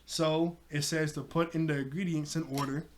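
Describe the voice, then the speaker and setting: A man with a slightly raised voice talks through a cartoon episode he just watched. He rambles excitedly and stacks up fillers as he retells scene after scene in a loose, casual recap. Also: on the high side, normal speed, slight background noise. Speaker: TV episode reviewer.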